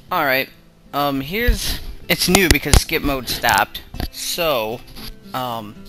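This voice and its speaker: A man hosting a let's play, reading a visual novel aloud and breaking off into rambling asides. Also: mid-range voice.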